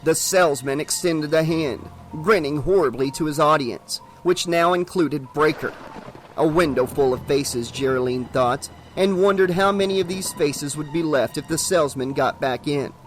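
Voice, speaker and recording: A man narrating a horror novel as an audiobook, steady and dramatic. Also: on the high side, normal speed, faint music behind.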